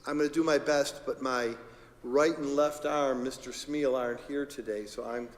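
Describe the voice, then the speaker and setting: A man's voice: medium pitch, steady tone, moderate pace, long reverb tail. A man, a school district administrator, walks the board through agenda items in an informal, joking, conversational way at a public meeting.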